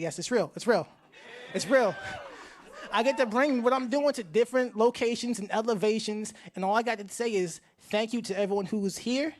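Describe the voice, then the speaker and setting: A man from Hartford, Connecticut, a farmer telling his life story live on stage in an animated, slangy way, speaking straight to the audience. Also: high-pitched. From Hartford, Connecticut, USA.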